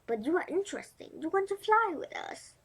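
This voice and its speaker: A woman's voice: very high-pitched, expressive, fairly quick, pitched above the performer's own voice. A woman with a Vietnamese accent voicing a pair of blunt, curious geese in a storybook, asking teasing questions.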